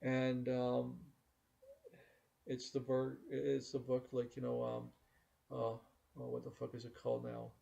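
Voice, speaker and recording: A man's voice: mid-range voice, monotone, unhurried, gravelly, long pauses, warm tone, dull audio. A man talking casually to his audience in a confiding, rambling way, sometimes losing his words.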